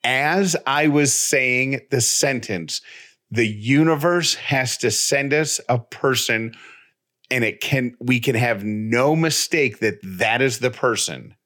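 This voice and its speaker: A man's voice: medium pitch, slow pace. A man co-hosting a podcast, casually telling a story and acting out the dialogue as he goes. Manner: animated, retells with quoted dialogue. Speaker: podcast co-host.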